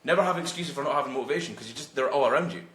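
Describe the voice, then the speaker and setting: Man in his late 20s, blunt, swears a lot, animated storyteller, bright voice, roomy echo. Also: medium pitch, very fast. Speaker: guest, freelance copywriter. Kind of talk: casual storytelling in conversation.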